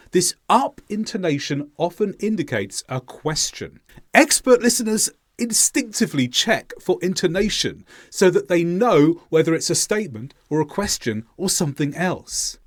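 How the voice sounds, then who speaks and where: A man teaching a language lesson, speaking clearly and deliberately as he demonstrates pronunciation. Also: on the high side, dry recording, clean studio sound. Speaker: English teacher. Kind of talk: scripted lesson narration.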